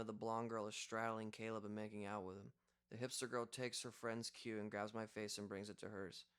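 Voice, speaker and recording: A man's voice: on the low side, a bit bright. A young man reading a first-person audiobook in a casual, conversational way. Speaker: audiobook reader.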